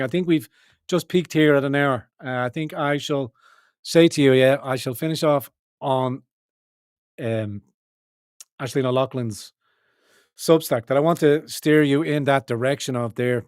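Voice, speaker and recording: A man's voice: mid-range voice, no room sound, studio quality. A man hosting a livestream, delivering rambling political commentary in an emphatic, profane way with many restarts. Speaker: livestream host.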